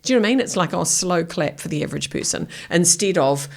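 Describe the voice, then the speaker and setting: Energetic blunt woman, lowish voice. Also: quick pace, gravelly. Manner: energetic, blunt, acts out quoted exchanges. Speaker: guest, author and keynote speaker. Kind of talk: casual interview chat.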